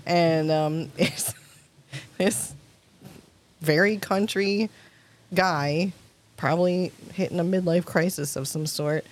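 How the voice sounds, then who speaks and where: A woman's voice: on the low side, steady tone, takes it slowly, long pauses, slight background noise. A woman in casual podcast chat, telling stories in a chatty way and laughing often. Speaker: podcast co-host.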